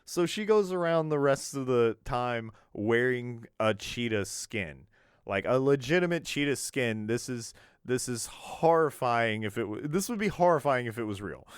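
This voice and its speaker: A man's voice: mid-range voice, expressive, normal speed, clean tone, no room sound, studio quality. A man hosting a casual podcast, rambling with lots of fillers and chuckles, into a podcast mic. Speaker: podcast host.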